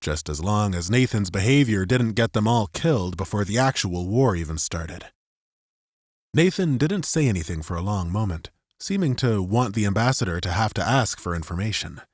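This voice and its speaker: A man narrating a science fiction audiobook in an expressive scripted style, close to the mic. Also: on the low side, moderate pace, no room sound.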